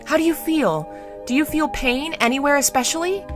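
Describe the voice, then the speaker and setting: A woman voicing a young, righteous male crown prince during a live book reading, shouting in anger at some moments and soothing gently at others. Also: high-pitched, normal speed, over music, voice pushed up, close to an everyday voice. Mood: gentle.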